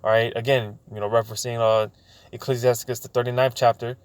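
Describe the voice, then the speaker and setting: A man giving an informal bible teaching, stumbling over words with many fillers and repeats, slowing down when he reads verses aloud. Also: mid-range voice, little pitch movement, smooth, no echo. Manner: slows down to read scripture aloud.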